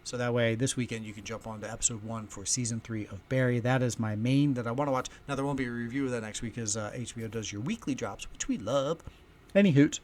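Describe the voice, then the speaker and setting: A man hosting a casual solo podcast from home, chatty and storytelling, with loudness that swings often. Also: mid-range voice, fast talker. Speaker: podcast host. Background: faint ambience of heating and kids upstairs.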